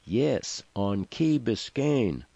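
A man voicing a flustered young groom shouting over loud music. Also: mid-range voice, big pitch swings, drawn-out words, vocal fry, no room sound, highs cut off, voice pushed up, full character voice. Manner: raised, insistent voice.

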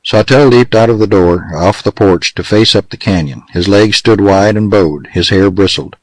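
Male audiobook narrator, low voice, dry close recording, steady western storytelling. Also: moderate pace, dry recording, rough recording.

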